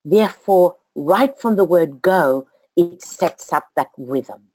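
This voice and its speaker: Slow, lively woman teaching. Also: on the low side, no echo. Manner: slow, deliberate, counting out syllables. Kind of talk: study group talk.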